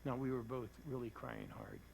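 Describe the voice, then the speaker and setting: A man preaching a sermon as pastor, telling an earnest story that sinks to hushed tones at its emotional moments. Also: mid-range voice, wildly swooping pitch, moderate pace, gravelly, slight background noise, low-quality recording. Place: church.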